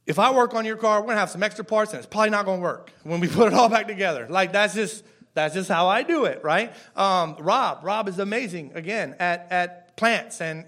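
With a voice that sits high and sounds fairly bright, this thirtysomething pastor talks through an informal sermon, asking his congregation questions and repeating himself. Now and then he becomes tearful.

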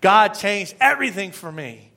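A man's voice: high-pitched, expressive, moderate pace, creaky, pushed and bright. A middle-aged man preaching a sermon as pastor, emphatic, repeating phrases and asking the congregation rhetorical questions.

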